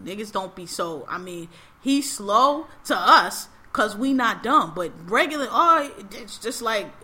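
A woman's voice: medium pitch, expressive, unhurried, bright, forceful tone. A woman telling a story in casual chat, acting out quotes, swearing freely and laughing often.

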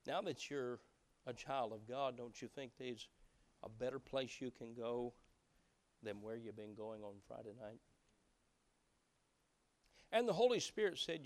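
A man preaching a sermon in a folksy way, dropping to hushed voices when acting out conversations and rising to loud emphasis. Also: mid-range voice, animated, measured pace, long pauses. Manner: swings between hushed acted-out dialogue and loud emphatic preaching; folksy, preaching with colloquial phrases. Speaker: pastor.

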